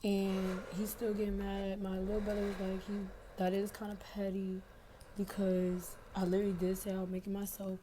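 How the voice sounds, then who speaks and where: A woman's voice: mid-range voice, monotone, moderate pace, background noise. A young adult woman caller telling a long story in casual, rambling talk over a phone connection, filling gaps with "blah, blah".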